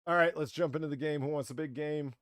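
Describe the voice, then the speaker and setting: A man's voice: fairly high pitch, steady tone, fast talker, a bit bright, no room sound, soft background music. A man hosting an online comedy game show, rambling through stories and laughing at his own jokes while swearing freely. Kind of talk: casual comedic chat.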